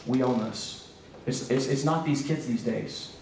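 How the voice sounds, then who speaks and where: A man speaking at a church breakout session in an earnest storytelling manner, turning quiet and grave for the hard parts. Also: mid-range voice, unhurried, slight background noise. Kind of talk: earnest church seminar talk. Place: church hall. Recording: very echoey hall from far off.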